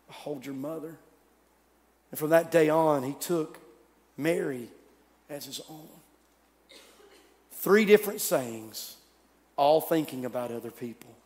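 Male pastor, high voice, dramatic storytelling sermon, long hall reverb. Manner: dramatic storytelling, swinging from loud to hushed.

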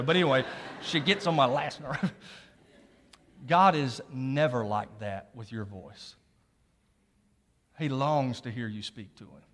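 A man's voice: mid-range voice, a bit bright. A middle-aged male pastor preaching a sermon in a church, conversational and joking with the congregation between scripture readings. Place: church sanctuary. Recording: long hall reverb.

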